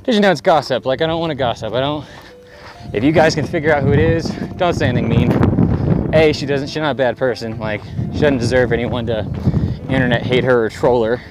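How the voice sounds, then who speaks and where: A man's voice: mid-range voice, brisk, very noisy. Rambling young man talking to camera on the trail. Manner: rambling, chatty, frequent fillers and restarts. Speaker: thru-hiker vlogger. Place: outdoors on a desert trail.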